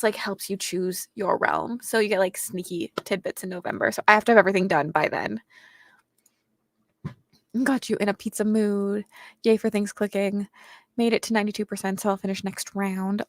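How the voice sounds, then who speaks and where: A woman's voice: medium pitch, a bit bright, no room sound. Chatty young woman reading chat aloud. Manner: chatty, reads viewer comments and answers them. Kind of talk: casual livestream chat.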